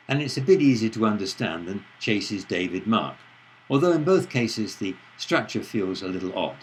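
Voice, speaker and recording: A male lecturer with a fairly low voice that rises and falls a lot as he explains. His delivery is measured and careful, leaning on stressed words in his examples. A faint hiss sits under the recording. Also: poor audio.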